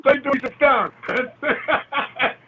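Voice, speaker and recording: A man telling a story in a casual chat, halting and excited. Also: extremely high pitch. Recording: tinny phone-like line with crowd noise.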